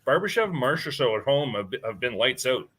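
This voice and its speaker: A man's voice: medium pitch, fairly quick, slightly rough. A man hosting a live sports betting stream, chatting casually with energy and reading viewer comments aloud. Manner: energetic, reads chat aloud, fillers like "right?". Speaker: betting show host.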